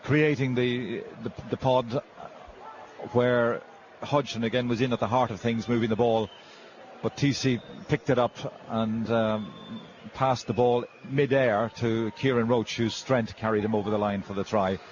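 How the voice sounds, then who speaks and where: A man offering expert analysis beside the main caller, thoughtful and halting with repeated words. His voice sounds slightly dull and muffled. Faint crowd noise sits behind him. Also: mid-range voice, fairly even intonation, a little mellow. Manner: measured, hesitant, repeats words. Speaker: co-commentator. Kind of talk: sports commentary analysis.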